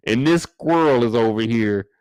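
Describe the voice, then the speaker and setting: A young man hosting a casual livestream recap, animated and profane, often leaping into high exclamations. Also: normal speed, smooth, dry recording, clean studio sound. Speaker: show host.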